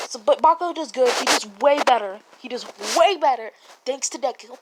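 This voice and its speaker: A woman's voice: high voice, a little fast, a little hiss or hum. A woman casually retelling a fan story in a rambling, profane way, often laughing and correcting herself.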